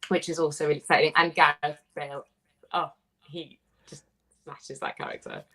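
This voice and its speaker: A woman in her thirties from Wales, a playwright chatting on a radio show, telling stories with bubbly, animated quoting. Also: deep voice, moderate pace, gravelly, breathy edge. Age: 30s. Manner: bubbly, animated storytelling with quoted voices. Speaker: playwright guest. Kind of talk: casual radio interview.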